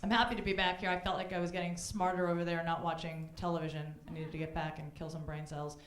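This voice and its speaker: A woman's voice: lowish voice, flat delivery, fast. A woman performing a stand-up comedy set on a club stage, brash and bawdy, often breaking into mocking voices for the people she quotes. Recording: echoey club room.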